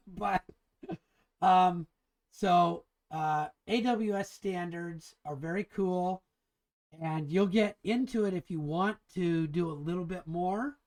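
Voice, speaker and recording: This man's voice sits high, with a darkish tone and a slow pace. He's teaching an engineering drafting class as a casual, chatty lecture, rambling enthusiastically, restarting often, and calling things cool again and again.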